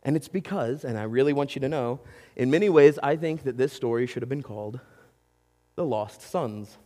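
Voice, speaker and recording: A man preaching a sermon in an animated way, acting out quotes and talking straight to his audience. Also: mid-range voice, moderate pace, in a large hall. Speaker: pastor.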